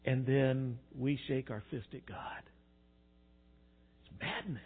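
A man preaching a sermon, animated, swinging between quiet reflection and loud emphasis. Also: mid-range voice, slow pace, slightly rough. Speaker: pastor. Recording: tinny phone-like sound.

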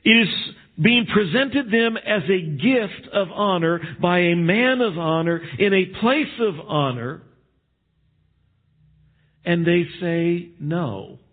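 A man's voice: high voice, expressive, slow pace. A man preaching a sermon, reading scripture aloud and explaining it with emphasis. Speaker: pastor. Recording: tinny phone-like sermon recording.

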